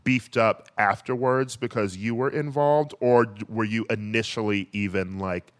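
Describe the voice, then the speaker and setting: A man's voice: lowish voice, a little slow. A man interviewing an actress, asking a long and hesitant question. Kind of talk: casual interview chat.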